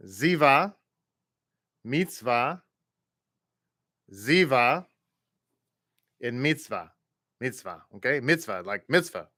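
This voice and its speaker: A man with a Texas accent teaching a Hebrew reading class online in a relaxed, chatty way, repeating words slowly for his students. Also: medium pitch, no echo, studio quality. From American South.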